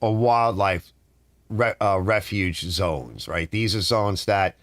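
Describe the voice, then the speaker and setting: A man's voice: deep voice, takes it slowly, a bit bright, no room sound. A middle-aged man hosting a casual garage live stream, rambling and ranting while answering his viewers' chat. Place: home garage.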